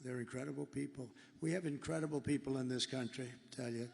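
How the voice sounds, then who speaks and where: A man's voice: mid-range voice, steady tone, quick pace, vocal fry, a little mellow, slight background noise. A man giving a rambling, emphatic political rally speech, repeating himself for effect. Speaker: political candidate. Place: large rally hall. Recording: echoey hall with faint ambience.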